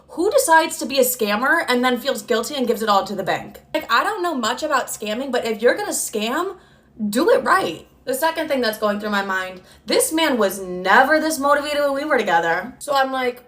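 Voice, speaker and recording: A woman's voice: on the high side, fairly bright tone. A young woman telling a personal story in a casual, chatty way, swearing freely and acting out both sides of the dialogue.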